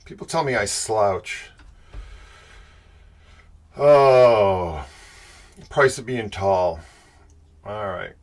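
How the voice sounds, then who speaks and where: A man's voice: on the low side, expressive, very slow, long pauses. A middle-aged man from the Boston area with a Boston accent, casually greeting chat viewers by name as he opens his livestream. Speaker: livestream host.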